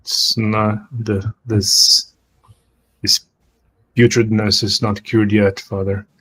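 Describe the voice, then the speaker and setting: A man voicing an earnest, protective male church inquisitor who speaks gently. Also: on the low side, level tone, takes it slowly, husky, exaggerated voice, poor audio. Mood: reassuring.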